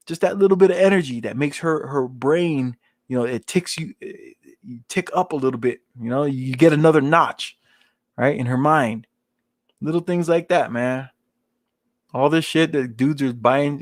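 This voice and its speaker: A man's voice: a little high, no room sound, studio quality. A man in his forties hosting his channel, giving casual rambling advice in street slang and often asking "you know what I'm saying". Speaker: channel host.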